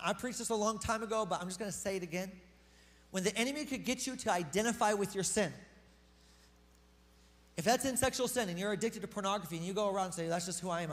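A man preaching a sermon as pastor to his congregation, talking to them in a casual, emphatic way. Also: high-pitched. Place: church hall. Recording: long reverb of a hall.

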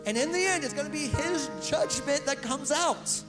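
High-voiced man preaching in a reverberant hall. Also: moderate pace. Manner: slangy and emphatic, repeats phrases, stumbles over words. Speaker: pastor. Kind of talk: casual conversational sermon. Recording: long hall reverb with music underneath.

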